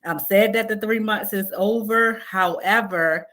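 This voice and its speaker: A pastor's wife giving a heartfelt testimony on a video call. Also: female voice, mid-range voice, unhurried, a bit bright. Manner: heartfelt, storytelling.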